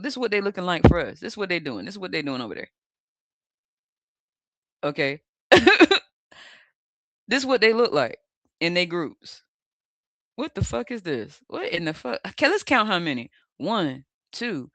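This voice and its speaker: Mocking, animated host, cursing freely. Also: mid-range voice, no room sound. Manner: mocking, laughs often, coarse slang. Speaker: tarot channel host. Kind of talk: profane mocking commentary over images.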